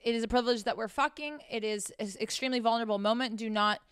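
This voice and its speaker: A woman's voice: a little high, fairly even intonation, quick pace, clean tone, no room sound, clean studio sound. A young woman hosting a frank, casual monologue, blunt and profane as she talks straight to her listeners. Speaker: host.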